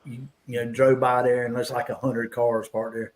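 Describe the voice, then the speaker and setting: A man's voice: medium pitch, flat delivery, moderate pace, poor audio. A man hosting a casual hangout and telling rambling police stories, laughing as he goes. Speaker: host. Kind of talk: casual storytelling, police anecdotes.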